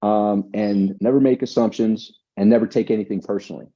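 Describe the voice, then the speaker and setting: A man's voice: fairly low pitch, fairly even intonation, brisk, mellow. A man telling stories as an interview guest, emphatic and repeating words as he talks. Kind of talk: conversational interview. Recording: dull lo-fi sound.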